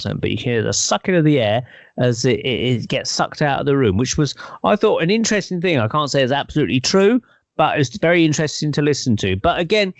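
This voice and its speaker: A man's voice: a little high, vocal fry, dry recording. A man in casual conversation, explaining at length in a thoughtful, hedging, speculative way. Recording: dull, dry lo-fi recording.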